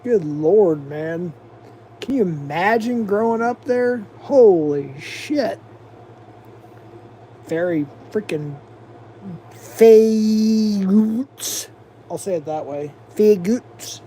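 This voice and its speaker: A man's voice: sits high, expressive, slow pace, pauses often, warm tone, slight background noise. An American man hosting a livestream, rambling and mocking in a profane, casual rant. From United States. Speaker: livestream host.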